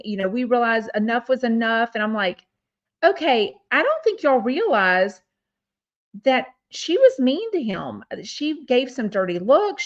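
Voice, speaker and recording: Woman, chatty podcast host, reads live comments, slightly dull lo-fi sound. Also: medium pitch. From Texas. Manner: chatty, reads viewer comments aloud, many fillers. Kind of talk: casual chat reading live comments.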